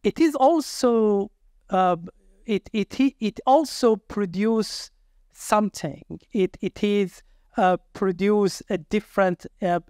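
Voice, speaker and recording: Slow, halting male academic panelist. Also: high voice, darkish tone, smooth, no echo, clean studio sound. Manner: halting, searching for words, measured. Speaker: panelist researcher. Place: conference hall panel.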